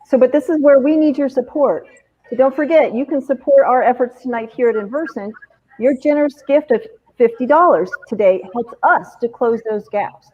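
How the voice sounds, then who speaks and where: A woman's voice: high voice, normal speed. Chatty woman hosting over muffled audio. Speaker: event host. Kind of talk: casual live-stream fundraiser hosting. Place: home, remote event.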